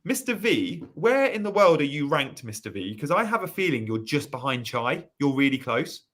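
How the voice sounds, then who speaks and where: A chatty man from England hosts a live stream, reading viewer comments aloud and chatting with a co-host. His voice sits at a middle pitch, neither deep nor high. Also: very animated, normal speed, fairly bright tone. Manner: chatty, reads out viewer messages. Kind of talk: casual live stream chat.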